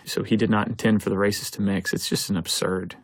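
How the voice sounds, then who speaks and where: A man's voice: lowish voice, level tone, a little fast. A man, a film director, giving an earnest, reflective audio commentary, thinking aloud as he talks.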